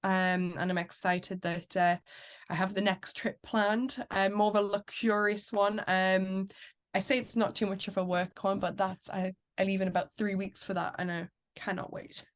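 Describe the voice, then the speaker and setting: A woman's voice: medium pitch, flat delivery, moderate pace. A young woman from Newcastle with a mild Geordie accent, chatting bubbly and freely as an interview guest. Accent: Newcastle English, mild. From Newcastle, England. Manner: bubbly, chatty, laughs between phrases. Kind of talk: casual interview chat.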